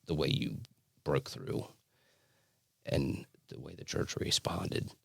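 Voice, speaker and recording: Very low, gravelly man telling his story. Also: no echo, clean studio sound. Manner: earnest, halting storytelling with many likes and restarts. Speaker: podcast guest. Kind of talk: personal testimony in a casual interview.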